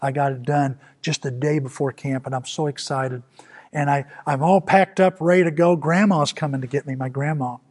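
Husky-voiced preacher telling a story. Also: male voice, on the high side, fairly even intonation, moderate pace, darkish tone. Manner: earnest, repetitive storytelling with sudden swells. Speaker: pastor. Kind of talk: storytelling sermon.

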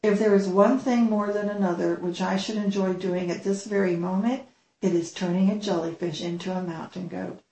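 A cheerful, kindly male shepherd, as a woman reads him aloud. The lines come with warm good humor and a slight fry. The room gives the voice an echo. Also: medium pitch, steady tone, normal speed, natural voice. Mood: joyful.

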